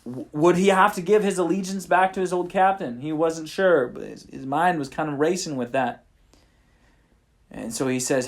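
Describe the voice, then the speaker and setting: A man's voice: on the high side, normal speed. A man improvising a bedtime story for his children at home at night, talking casually and thinking aloud into a handheld recorder. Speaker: father telling a bedtime story.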